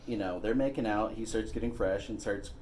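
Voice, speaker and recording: A man's voice: lowish voice, a little fast, very noisy. A man co-hosting a casual movie-rant chat at home, telling the story with swearing and bursts of laughter. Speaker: podcast co-host.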